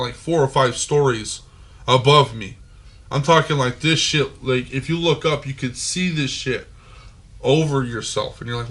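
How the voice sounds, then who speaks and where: Swearing, rambling man. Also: mid-range voice. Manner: profane, animated storytelling with many fillers. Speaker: podcast host. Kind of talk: casual storytelling.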